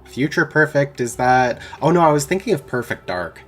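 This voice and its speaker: Joking let's-play co-host, man, mid-range voice, faint music under him. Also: mid-range voice. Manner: excitable, joking, quick to laugh. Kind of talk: casual gaming chat.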